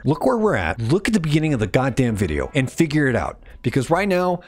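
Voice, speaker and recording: A man playing a game on his channel, swearing and pleading with the game in frustration, swinging from mumbles to yells. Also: mid-range voice, huge pitch swings, brisk, few pauses, faint music behind. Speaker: gaming YouTuber. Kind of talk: let's play commentary.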